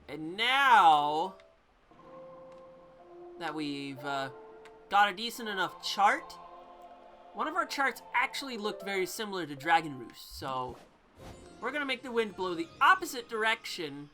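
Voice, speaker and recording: A woman's voice: mid-range voice, big pitch swings, measured pace, long pauses, sharp tone. A woman hosting a let's play, chatting playfully and explaining the game as she plays. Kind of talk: video game commentary. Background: faint game music.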